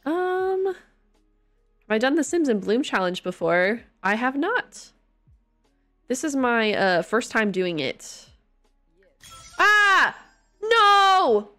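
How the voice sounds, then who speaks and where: A young woman casually commenting on a life-sim game she plays, her voice hoarse and congested, breaking into loud squeals of alarm now and then. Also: fairly high pitch, very animated, slow pace, pauses often. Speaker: gaming streamer. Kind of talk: casual let's-play commentary. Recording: faint game music behind.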